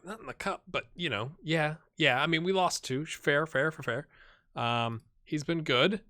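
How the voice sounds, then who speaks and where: A man with a higher voice speaks a little slowly, his tone sharp. Playing a football manager game, he talks casually to viewers and cheers or mumbles at the match as it runs. The let's-play commentary comes through a headset with earbuds.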